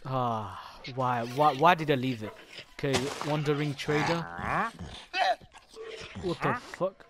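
A man giving casual gameplay commentary as a gaming YouTuber, excitable and swearing often as he reacts aloud to what he sees. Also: on the high side, slow, pauses often, very noisy. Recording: game music clearly behind the voice.

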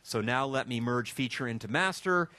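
A man runs a hands-on coding class, thinking aloud as he types and tossing in wry jokes. His pitch jumps around with animated energy. The sound is dry and close. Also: moderate pace, no room sound. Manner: joking, chatty, thinks aloud while typing. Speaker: instructor. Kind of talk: live technical workshop. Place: classroom with a live audience.

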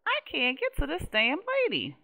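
Young woman, casual game commentary, lively pitch, bright tone, laughs easily. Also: normal speed, vocal fry. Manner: chatty, laughs easily, talks to the game characters. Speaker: game streamer. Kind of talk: casual Let's Play commentary.

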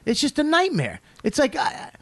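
A man's voice: very high voice, huge pitch swings, moderate pace, dry recording. A man, hosting a casual podcast and ranting and teasing with lots of swearing. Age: 40s. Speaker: host.

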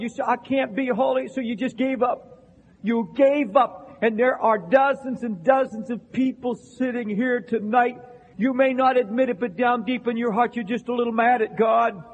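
A man preaching an impassioned sermon to a congregation in a church, repeating phrases and shouting at the peaks. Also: very high-pitched. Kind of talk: fiery revival sermon. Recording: long reverberant hall sound.

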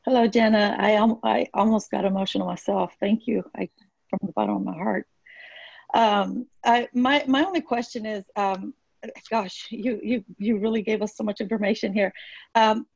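A woman's voice: on the high side, gravelly, darkish tone, dry recording, highs cut off. A woman on a video call asking a question hesitantly, with many restarts and apologies. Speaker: team member asking a question.

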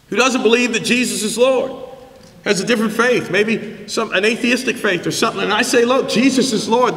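A man preaching a sermon as pastor, emphatic and building to shouts, with call-and-response questions to the congregation. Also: very high voice. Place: church sanctuary. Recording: echoey hall reverb.

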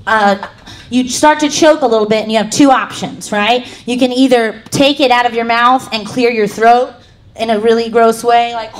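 A brash woman working a comedy club crowd, her voice high and bright. She is crude and playful. She speaks into a handheld stage mic. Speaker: stand-up comedian. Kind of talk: crude stand-up set.

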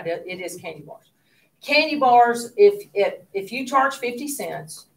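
Bright and mid-range, a woman's voice leads an economics class, asking students questions and dropping almost to a whisper for side comments. The recording comes from a distance in a spacious classroom.

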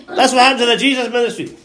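A man preaching a sermon to a congregation, calling for responses, quoting scripture and acting out voices with sudden high shouts. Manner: call-and-response preaching, frequent hallelujahs.

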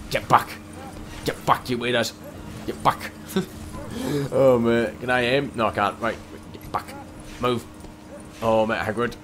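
A man's voice: mid-range voice, noisy background. A young man giving casual, chatty let's-play commentary, exclaiming at the game and repeating his catchphrases. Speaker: gameplay commentator. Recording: faint game music behind.

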